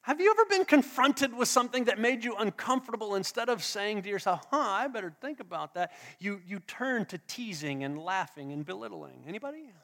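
A man's voice: high voice, expressive, brisk, hardly any pauses, fairly bright tone. A man preaching a sermon as a pastor, drawing in the congregation with questions and call-and-response. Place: church hall. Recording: long hall reverb.

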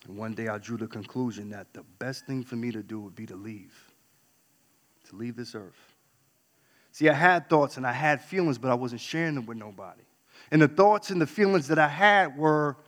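A man's voice: medium pitch, normal speed. Candid man telling his story in a hall. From New York. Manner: candid, dramatic swings between loud and hushed. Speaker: speaker. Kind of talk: personal storytelling talk. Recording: long hall reverb.

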